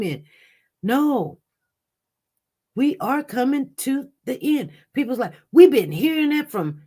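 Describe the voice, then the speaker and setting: A woman's voice: a little high, a little mellow. A woman, hosting a casual livestream. She speaks with passion and returns to the same points again and again. She addresses her viewers directly as she talks. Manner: impassioned, repetitive, talks directly to chat. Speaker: livestream news host.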